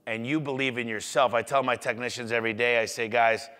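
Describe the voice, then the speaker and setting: Energetic male speaker, bright tone, echoey hall, business talk. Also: mid-range voice, fast. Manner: energetic, acts out customer dialogue. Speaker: business owner giving a talk.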